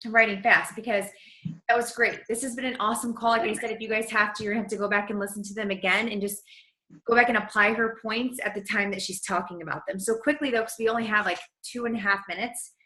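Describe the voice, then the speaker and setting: A woman hosting a motivational team coaching call, gushing and energetic in casual chat. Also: mid-range voice, fast, roomy sound, low-quality recording.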